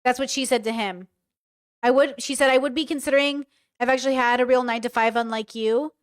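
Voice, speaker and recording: A woman's voice: on the high side, steady tone, a little fast. A woman hosting a reaction commentary, reading text messages aloud in a sarcastic, incredulous way and swearing freely. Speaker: commentary host.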